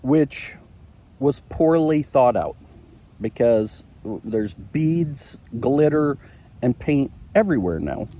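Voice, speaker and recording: Man in his thirties, marriage show host, slow delivery, mellow tone, candid, confessional, lots of fillers. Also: mid-range voice, animated. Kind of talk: candid personal storytelling.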